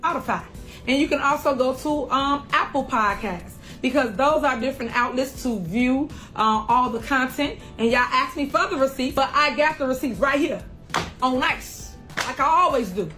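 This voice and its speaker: A woman speaking straight to camera as a podcast host and local official, slow, drawn-out and defiant. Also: high-pitched, pushed and bright, soft background music. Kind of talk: direct-to-camera video address.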